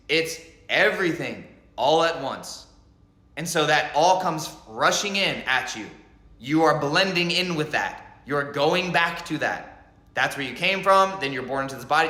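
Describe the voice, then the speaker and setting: A man delivers a spiritual monologue with an intense, repetitive drive. His voice is bright and forceful and sits a little high. The sound rings around an echoey room. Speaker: spiritual speaker.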